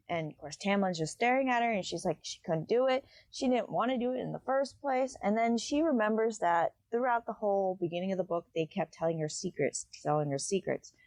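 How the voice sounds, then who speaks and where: A woman's voice: mid-range voice, dry recording. A woman hosting a book podcast, recapping a story in a loose, chatty way with many fillers.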